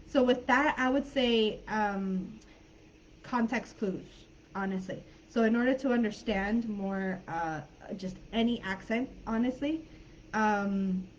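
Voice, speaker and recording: A woman English teacher talks through a live online lesson in a relaxed, chatty way, often stopping to restart her sentences. Her voice comes over a somewhat dull video-call line with a faint hiss behind it. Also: medium pitch. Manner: friendly, chatty, many fillers and restarts. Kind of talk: live online class, casual teaching talk.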